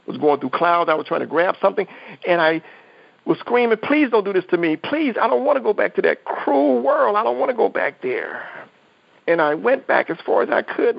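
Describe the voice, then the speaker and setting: Man guest, gravelly, slightly high voice, earnest testimony, dull lo-fi recording. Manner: earnest, halting with restarts. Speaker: guest telling a near-death story. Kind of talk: emotional testimony.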